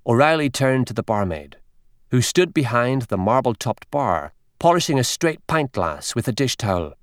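A man narrating an audiobook in a measured, expressive way. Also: medium pitch, no echo, studio quality.

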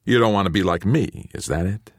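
A man voicing a thick-set, middle-aged father who speaks gruffly and sternly to his son. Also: deep voice, brisk, no room sound, clean studio sound.

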